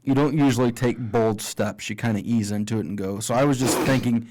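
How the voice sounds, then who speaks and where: A man's voice: mid-range voice, brisk, background noise. A man co-hosting a wrestling podcast, thinking aloud in a rambling way, restarting sentences and swearing. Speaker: podcast co-host. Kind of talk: casual wrestling podcast chat.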